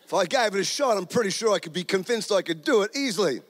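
With a little hiss or hum in the background, a guest preacher, a middle-aged man with an Australian accent and fairly high voice, delivers a lively sermon. He jokes around and slips brief asides into his storytelling.

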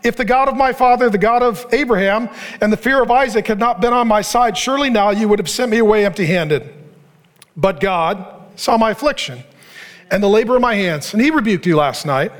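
High-pitched middle-aged guy preaching, jokes around, does voices for the people in the story. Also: a little fast. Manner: animated, joking, acts out the characters' lines; preaching to a laughing audience. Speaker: pastor. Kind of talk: sermon.

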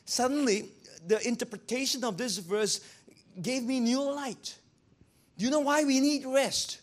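A male pastor who preaches in an animated way, asking rhetorical questions and acting out quotes. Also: very high voice. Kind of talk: sermon.

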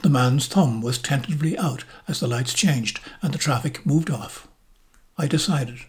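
Older man, Irish accent, memoir reading, measured, reflective, soft breathy endings. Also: mid-range voice. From Ireland. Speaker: narrator, motoring and travel journalist.

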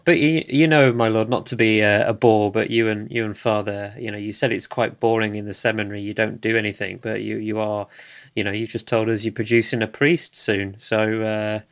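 A man interviewing in a casual, polite tone. His voice sits low and has a gravelly, fry-laden edge. He is respectful and deferential in the way he asks. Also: steady tone, fairly quick.

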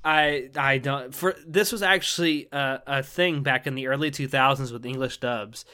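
A man's voice: medium pitch, moderate pace, pushed and bright, clear, resonant tone. A man co-hosting a casual podcast chat, rambling with many ums and restarts. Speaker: podcast co-host.

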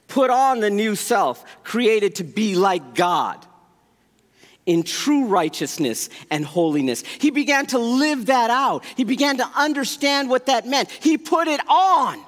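Animated high-voiced preacher in an echoing hall. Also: male voice, takes it slowly. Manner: animated, swings between loud bursts and quiet asides. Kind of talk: sermon storytelling. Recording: long hall reverb.

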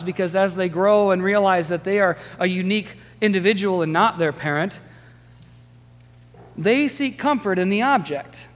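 A man in his thirties preaches a sermon in a lively, conversational storytelling manner. His voice sits high for a man. It rings out with a long reverb through a church sanctuary. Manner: lively, storytelling, chatty with the congregation. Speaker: pastor.

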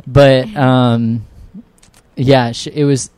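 A man's voice: medium pitch, level tone, extremely slow, a little mellow, smooth, dry recording. A man from California, a comedian guest on a podcast, joking and self-deprecating, laughing often as he chats casually.

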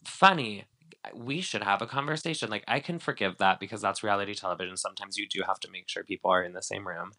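A man co-hosting a casual podcast chat about reality TV, talking in a loose, animated way with lots of fillers and acted-out quotes. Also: lowish voice, quick pace. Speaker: podcast co-host.

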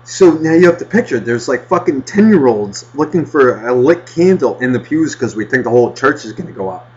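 A man casually telling a rambling childhood story on a podcast, swearing constantly and getting animated. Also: medium pitch, brisk. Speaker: podcast host. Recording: dull lo-fi podcast audio.

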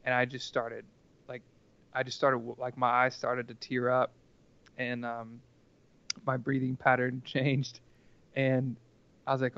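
A man's voice: medium pitch, fairly bright tone, clear, resonant tone, muffled recording. A man telling a personal story casually as a podcast guest, rambling and earnest, with lots of filler words.

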